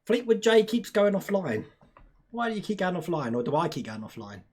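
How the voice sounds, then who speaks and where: A husky man in his younger years chats loosely on a live stream, breaking into laughs and reading viewers' comments aloud. His talk rambles with a relaxed, homely feel. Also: high-pitched, fairly quick. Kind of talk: casual live-stream chat.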